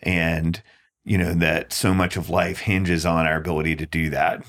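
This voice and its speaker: A man's voice: deep voice, little pitch movement, moderate pace, a bit bright. A man co-hosting a podcast, talking through a Bible passage in a thoughtful, reflective way. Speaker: podcast co-host. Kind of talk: casual Bible discussion.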